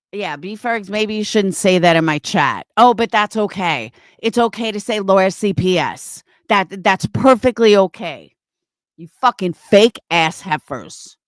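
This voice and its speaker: A woman's voice: medium pitch, no echo. A woman hosting a livestream, ranting angrily and swearing constantly as she answers her chat, often repeating herself. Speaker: livestream host reading chat. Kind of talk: angry livestream rant.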